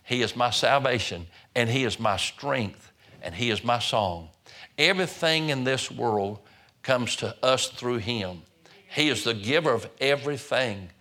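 A man's voice: mid-range voice, lively intonation, unhurried, bright, forceful tone. An older man preaching a sermon in a folksy way, often repeating words and restarting phrases.

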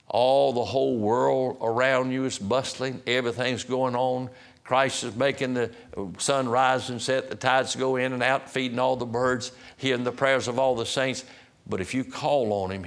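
A man preaching a sermon as pastor, swinging from loud emphatic peaks to hushed, slow drops. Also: medium pitch.

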